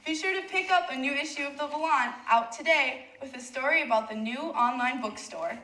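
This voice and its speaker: A woman's voice: high-pitched, fairly quick, sharp tone, roomy sound, recorded from a distance, low-quality recording. A woman anchoring a student newscast with a cheerful manner. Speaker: news anchor.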